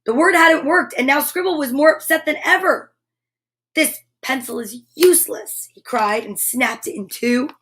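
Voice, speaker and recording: A woman reading a picture book aloud to children, expressive, with exclaimed asides. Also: high voice, moderate pace, hardly any pauses. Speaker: children's storyteller.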